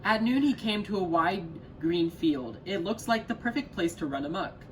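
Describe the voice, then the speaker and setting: A young man reading a children's picture book aloud with careful, even delivery and the odd small stumble. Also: sits high, moderate pace, a little hiss or hum, poor audio. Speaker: volunteer reader.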